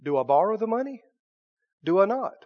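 Male preacher, high voice, lo-fi recording; animated sermon with hushed-to-shouted swings. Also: a little fast.

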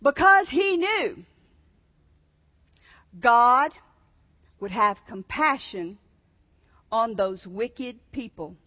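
A woman preaches with a high, bright voice, reading a story aloud and then putting questions to the listeners. Her voice carries a long echo through a large hall. The recording is muffled and dull. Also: expressive, very slow, pauses often. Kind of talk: sermon reading scripture aloud.

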